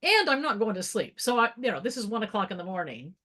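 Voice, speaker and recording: A woman participant in an online class, casually telling a story in an animated way. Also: mid-range voice, fast talker. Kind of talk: casual group class talk.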